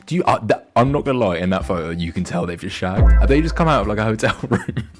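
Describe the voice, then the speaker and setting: A man's voice: lowish voice, lively intonation, fast, faint music behind. A young man streaming a game, rambling and joking crudely in casual banter. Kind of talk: casual gaming stream commentary.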